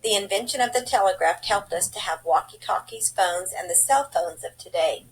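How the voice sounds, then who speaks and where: A woman's voice: medium pitch, moderate pace, a little hiss or hum, low-quality recording. Woman reading a slideshow report.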